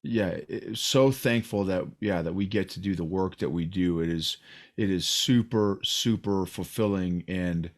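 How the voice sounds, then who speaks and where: Low-voiced man hosting a chat. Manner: reflective, halting restarts, openly emotional. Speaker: podcast host. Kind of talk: casual interview chat.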